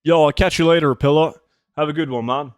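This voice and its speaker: A man's voice: on the high side, a little fast, smooth, dry recording. A man, chatting casually with his viewers as he plays, reading their questions aloud and answering them. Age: 20s. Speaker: streamer. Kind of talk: casual live-stream chat while gaming.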